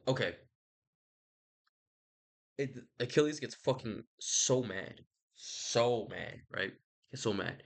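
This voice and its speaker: A man's voice: medium pitch, a bit bright. A young man rambling casually about a book he read, slangy and profane. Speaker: host.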